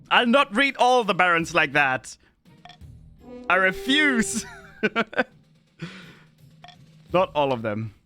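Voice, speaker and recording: A man's voice: high-pitched, very animated, slow pace, long pauses, bright, forceful tone, faint music behind. A man, streaming a game in chatty commentary, often laughing and reading game text aloud. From Austria. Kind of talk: gameplay commentary.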